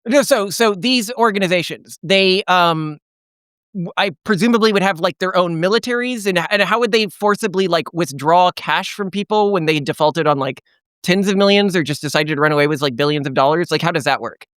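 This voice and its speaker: A man's voice: high-pitched, fairly quick, a bit bright, clear, resonant tone, no room sound. Man, debate guest, stammering, skeptical questions, dry sound.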